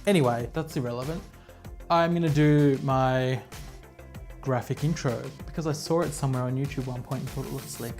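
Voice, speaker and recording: An Australian woman with a bass voice and darkish tone hosts a knitting podcast from her couch at home, speaking at a moderate pace with soft music in the background. She chats casually to camera, rambling and poking fun at herself.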